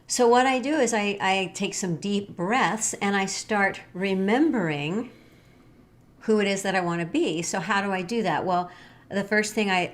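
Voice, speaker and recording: A woman co-hosting a casual wellness talk show, speaking earnestly and repeating gentle affirmations. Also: fairly low pitch. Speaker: co-host.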